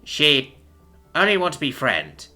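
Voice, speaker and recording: A man's voice: on the high side, huge pitch swings, pushed and bright, faint music behind, voice pushed up, heavily acted. A man voicing a reserved male alien who speaks in faltering, broken English. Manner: halting, faltering phrasing.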